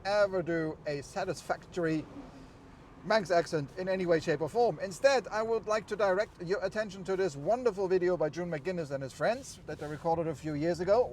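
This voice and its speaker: A man's voice: sits high, moderate pace, darkish tone. A middle-aged man with a slight German accent chats in an upbeat, explanatory way as he vlogs from an open-top car. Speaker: vlogger. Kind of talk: casual vlog while driving. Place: open-top convertible outdoors. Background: road and vehicle noise.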